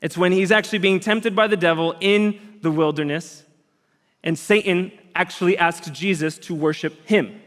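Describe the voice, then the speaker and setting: A man preaching a sermon as a pastor, earnest and conversational, with lively emphasis. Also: high voice, normal speed. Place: church auditorium. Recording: long hall reverb.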